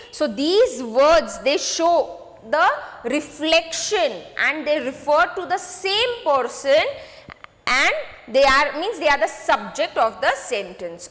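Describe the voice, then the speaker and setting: A woman teaching a grade six grammar lesson, repeating points slowly and checking in with students. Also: sits high, fairly bright tone, long reverb tail. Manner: slow, repetitive, addresses students with "okay?" checks.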